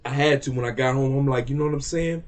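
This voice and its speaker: A man's voice: mid-range voice, steady tone, fast. A man giving a heated, profane rant to camera about a music release, repeating himself for emphasis. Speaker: music reaction vlogger.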